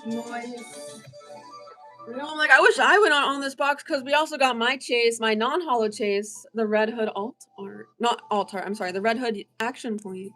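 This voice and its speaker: A woman with a voice on the high side hosts a casual card-breaking livestream, opening packs and chatting with viewers at a normal speed. She reads the chat aloud, yawns, and lets out excitable gasps, with faint music in the background.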